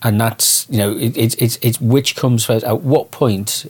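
A man's voice: medium pitch, steady tone, a little slow, slightly rough. A man hosting a conversation, asking thoughtful, somewhat hesitant questions. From immigrant to his city. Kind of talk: conversational interview.

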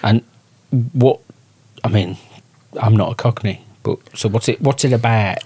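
A man's voice: lowish voice, unhurried, mellow, husky. A man hosting an interview in a casual, hesitant way, often restarting his questions. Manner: hesitant, stumbling starts. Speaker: podcast host.

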